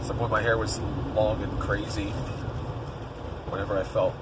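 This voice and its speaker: A man's voice: fairly low pitch, little pitch movement, normal speed. A man vlogging casually from his car, chatty and upbeat, sounding congested. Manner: chatty, upbeat, rambling with fillers. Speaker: realtor and stage actor vlogging. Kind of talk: casual vlog monologue. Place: in a car, driving. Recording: distant mic with loud road noise.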